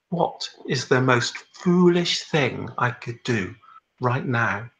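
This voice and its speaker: A man telling a folktale in a measured, deliberate manner. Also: fairly low pitch, bright, forceful tone, poor audio. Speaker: storyteller. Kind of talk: oral storytelling.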